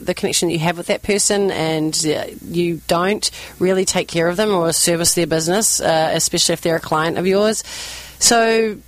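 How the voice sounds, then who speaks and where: A woman's voice: fairly low pitch, normal speed. A woman with a New Zealand accent speaks as a radio talk show guest. She talks in an earnest, intense way. Her voice sounds dry and close, with no room echo. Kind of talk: radio interview.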